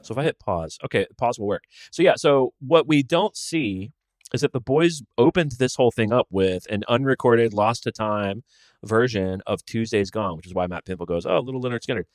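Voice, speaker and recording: A man's voice: fairly low pitch, normal speed, no room sound, clean studio sound. A man hosting a solo podcast, chatting casually and rambling as he thinks aloud. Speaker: podcast host.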